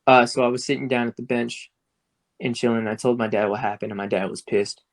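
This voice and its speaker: A man's voice: medium pitch, fairly even intonation, fairly quick. Earnest young man telling a story. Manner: earnest storytelling, quoting people in acted voices. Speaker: podcast co-host. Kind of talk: casual podcast chat.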